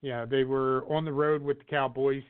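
A man's voice: mid-range voice, level tone, moderate pace, smooth. A man co-hosting a casual sports talk show, rambling with lots of fillers and restarts. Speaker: podcast co-host. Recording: tinny phone-like audio.

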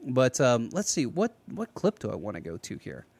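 A man hosts a casual political talk show. He rambles in an animated way and often restarts his sentences. His voice is mid-pitched and sits dry and close to the mic. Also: moderate pace, gravelly, husky, no echo. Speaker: podcast host.

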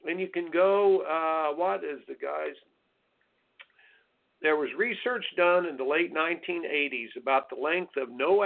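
Blunt folksy coach on a tinny line. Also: male voice, sits high, vocal fry. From United States. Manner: blunt, folksy, preachy, mocking soft attitudes in sing-song asides. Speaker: tennis coach and radio host. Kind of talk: coaching advice talk on radio. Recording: tinny phone-line sound.

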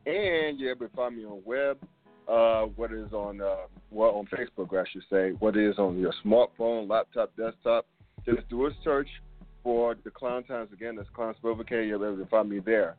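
A man's voice: lowish voice, moderate pace, no room sound, faint music behind. A man in his fifties hosting a casual sports talk show, loose and rambling, full of fillers and laughs. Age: 50s. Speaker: podcast host. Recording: phone-like line, dry sound.

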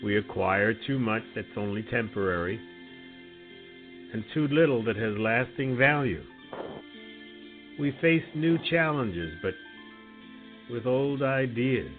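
A man, a radio personality, reading a contemplative reflection in a measured way. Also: mid-range voice. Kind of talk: reflective spoken essay. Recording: phone-like line with faint music.

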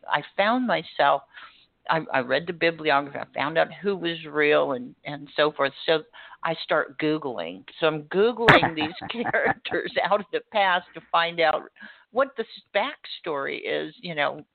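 Enthusiastic radio host, raspy-gravelly tone; dry, phone-like sound. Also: medium pitch, lively intonation, a little slow, dry recording. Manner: chatty, enthusiastic, stumbling restarts. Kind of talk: radio interview. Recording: tinny dry phone-like audio.

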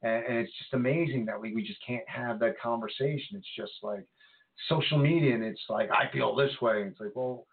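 A man's voice: medium pitch, fairly quick. Rambling man on a tinny phone-like line. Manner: animated, rambling with many fillers and restarts. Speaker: podcast co-host. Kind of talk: casual political chat.

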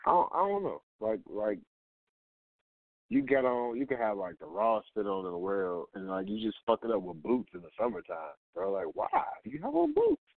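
A man's voice: lowish voice, dry recording. Blunt ranting man on a tinny line. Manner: blunt, profane and repetitive, hammering each point with rhetorical questions. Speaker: host of a rant show. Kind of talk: casual profane rant. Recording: dry, tinny phone-like sound.

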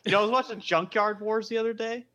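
A man on a casual podcast, laughing often and telling quick stories. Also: high voice, fairly even intonation, sharp tone, dull audio. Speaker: podcast guest.

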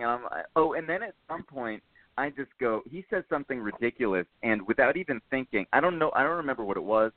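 A man's voice: mid-range voice, animated, fast, dry recording. A man in casual podcast chat, telling a story in a rambling way with many fillers. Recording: tinny phone-like dry sound.

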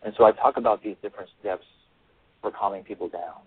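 A man's voice: lowish voice, fairly even intonation, quick pace, breathy edge, dry recording. A male author giving a radio interview over the phone, earnest and repeating his phrases as he explains. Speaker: author and guest. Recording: tinny phone line.

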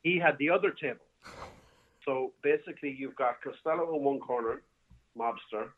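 A bar owner calls in by phone from home as a guest, his mid-range voice moving at normal speed over a tinny line. He tells a long, rambling story casually, restarting often and filling gaps with fillers.

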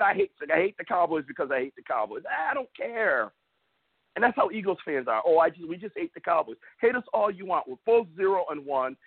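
A man's voice: sits high, dry recording. A man hosting a sports talk show, ranting and mocking rival fans in an opinionated way. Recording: tinny phone-like audio, dry.

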